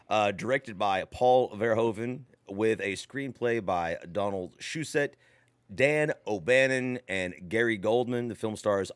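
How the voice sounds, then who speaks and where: A man's voice: fairly low pitch, no echo, studio quality. A man co-hosting a podcast, reading out facts in a mock-formal, announcer-like way. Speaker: podcast co-host. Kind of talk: reading facts in casual chat.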